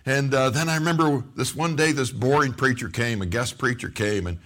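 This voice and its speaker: Here a middle-aged man preaches as a pastor in a mid-range voice, moving briskly. His storytelling is animated, with quotes acted out, and he often repeats words and starts over.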